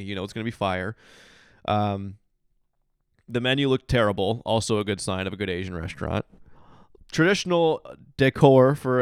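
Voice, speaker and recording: A man in his thirties talks to his podcast from a hotel room, slightly tipsy and yawning. He rambles and restarts, then breaks into emphatic outbursts. His voice is smooth and resonant, recorded dry and close. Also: lowish voice, no echo. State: drowsy and a little tipsy, yawning. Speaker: podcast host. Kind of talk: casual solo podcast monologue.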